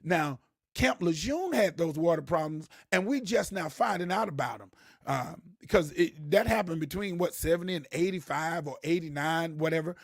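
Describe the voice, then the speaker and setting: A man with a high, husky voice talks straight to his viewers, animated and preachy. He repeats key words and raises his voice to drive a point home. The sound is dry and close. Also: normal speed, no room sound. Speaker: host. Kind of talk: casual live-stream talk to viewers.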